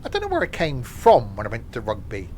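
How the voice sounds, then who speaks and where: A man's voice: mid-range voice, huge pitch swings, brisk, a little mellow, a little hiss or hum. A man chatting casually while streaming a train simulator, rambling off into asides. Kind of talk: casual gameplay commentary.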